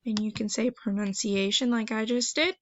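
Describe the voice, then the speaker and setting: A woman teacher talking students through an online phonics assignment, gentle and encouraging, step by step. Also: fairly high pitch, fairly even intonation, normal speed. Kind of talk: recorded online lesson walkthrough. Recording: dry, slightly dull screen recording.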